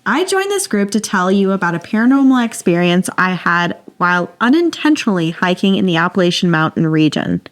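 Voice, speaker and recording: A woman's voice: on the low side, big pitch swings, a little fast, few pauses. A woman co-hosting a podcast, reading a listener's story aloud in a playful, dramatic way and laughing often. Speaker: podcast co-host.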